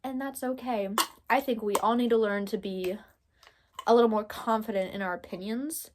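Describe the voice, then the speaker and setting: A woman's voice: on the high side, steady tone, normal speed, noisy background. A young woman from Texas giving casual commentary, thinking aloud and rambling with lots of filler words. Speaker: commentary creator.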